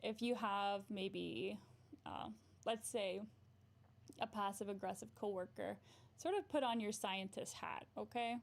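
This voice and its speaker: Brief: young woman therapist hosting a casual stream, slightly gravelly, tags "right?" a lot. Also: medium pitch, measured pace. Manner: frequent "right?" tag questions, laughs often. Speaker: therapist and livestream host. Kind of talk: casual livestream advice chat.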